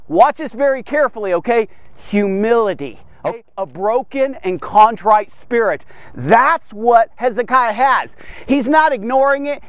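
A man hosting a daily men's devotional, teaching in an animated, conversational way full of rhetorical questions. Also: very high-pitched, no echo. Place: studio man cave set.

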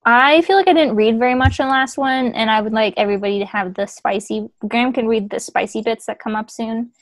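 A woman's voice: on the high side, quick pace, dry recording, low-quality recording. A woman reading a story aloud to friends over a video call, chatty and self-deprecating. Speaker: reader. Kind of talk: casual comedic group reading.

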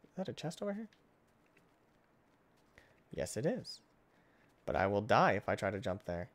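A man hosting his gaming channel, giving casual let's-play commentary, excitable and swinging between loud outbursts and hushed muttering. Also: fairly low pitch, normal speed.

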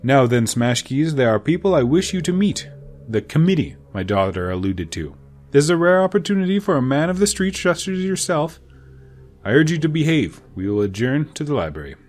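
A man's voice: fairly high pitch, sing-song, fairly quick, darkish tone, soft background music. A man voicing a cold, formal wealthy father with a clipped, icy manner.

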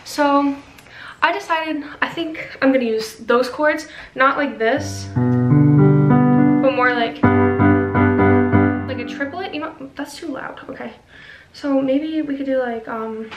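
Bubbly high-voiced young woman vlogger. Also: a little slow, echoey room, loud music behind the voice, low-quality recording. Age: young adult. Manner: bubbly, self-mocking, rambling with lots of "like". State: sleepless late at night. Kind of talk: casual vlog chat. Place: bedroom, then a room with a piano.

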